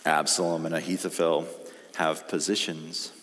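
A man's voice: rumbling low, flat delivery, moderate pace, fairly bright tone, slight background noise. A man preaching a sermon, reading scripture aloud and pressing his points with rising emphasis. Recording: reverberant hall.

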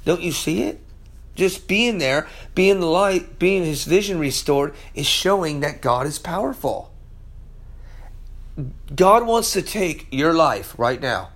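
Male podcast preacher, high voice, emphatic, halting restarts, verse-by-verse teaching. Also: animated, fairly bright tone. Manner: emphatic, repeats words, many restarts.

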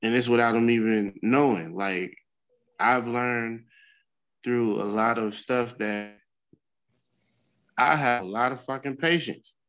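A man's voice: medium pitch, takes it slowly, pauses often, fairly bright tone, low-quality recording. A middle-aged man, a podcast co-host, talking candidly in casual chat and swearing freely as he tells a story. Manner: candid, profane storytelling with bursts of laughter.

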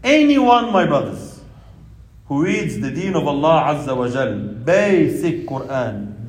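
A man's voice: on the high side, reverberant, low-quality recording. A man preaching an impassioned sermon to his brothers and sisters, with Arabic religious phrases woven into his talk. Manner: addresses listeners as brothers and sisters. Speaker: Islamic preacher.

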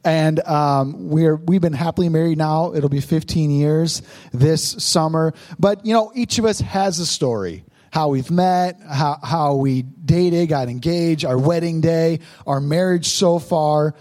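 A man's voice: on the high side, a little slow, darkish tone. A pastor in his thirties telling how he met his wife, teasing and joking as he preaches. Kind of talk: sermon told as a couple's story.

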